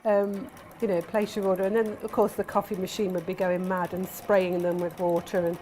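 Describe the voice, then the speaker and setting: Her voice is mid-range, dark, brisk, and flat in delivery, with a little hiss or hum on the recording. She's running a crafting workshop, sewing as she chats casually, tells stories, and laughs a lot.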